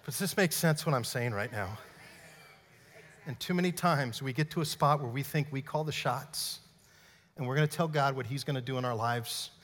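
Energetic pastor in a reverberant hall. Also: male voice, mid-range voice, normal speed. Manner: energetic, playful, demonstrating on stage. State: out of breath. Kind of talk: sermon. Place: church hall.

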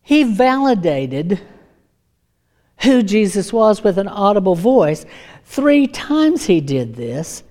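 A woman's voice: mid-range voice, big pitch swings, slow, mellow. A woman preaching a sermon, emphatic and repeating her key lines.

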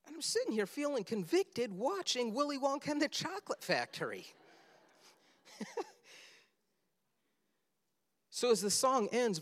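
High-voiced preacher in a reverberant hall. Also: male voice. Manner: animated storytelling, acting out film scenes. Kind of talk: sermon.

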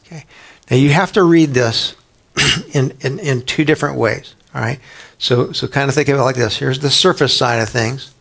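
A man preaching a sermon in a conversational way, asking the listeners rhetorical questions and rising sharply in pitch for emphasis. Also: moderate pace, vocal fry, fairly bright tone. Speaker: pastor.

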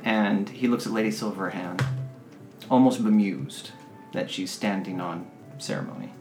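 A man narrating a tabletop game as game master, spinning relaxed, descriptive scenes at a middle pitch. The room rings with echo, and faint music plays underneath. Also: normal speed.

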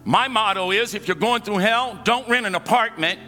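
A pastor preaches a sermon in a church sanctuary, his voice sitting high, pushed and bright at a normal speed. He calls for responses from the congregation and tells humorous stories with funny asides, captured with hall reverb and faint music.

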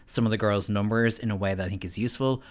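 A man with a fairly low voice co-hosting a casual podcast. He sounds amused and wry, often laughing as he chats. His delivery stays relaxed and conversational. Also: fast talker. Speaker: podcast co-host. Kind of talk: casual chat.

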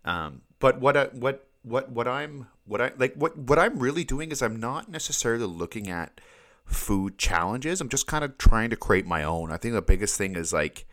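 A man's voice: mid-range voice, very animated, normal speed, a bit bright. A man in casual podcast chat who rambles, stammers over repeated words and laughs often.

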